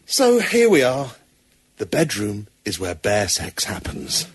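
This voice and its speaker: Comic host, deadpan narrator, lively and husky. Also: male voice, medium pitch, slow, dry recording. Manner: deadpan, mock-serious narration. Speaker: podcast host. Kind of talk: comedic storytelling narration.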